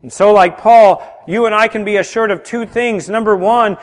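A high-pitched man preaches a sermon in a church sanctuary. He swings from loud, emphatic declarations down to hushed, intimate lines. His voice rings out with a long reverb tail through the hall. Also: normal speed, few pauses. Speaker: pastor.

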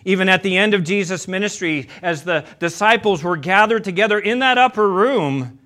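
Bright, high-voiced man preaching a sermon. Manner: storytelling delivery, acts out quotes with quieter, slower voices.

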